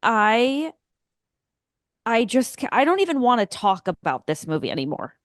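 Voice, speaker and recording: A woman's voice: fairly high pitch, sing-song, moderate pace, no room sound, clean studio sound. A woman co-hosting a podcast in casual chat, emphatic and exasperated, swearing at times. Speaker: podcast co-host.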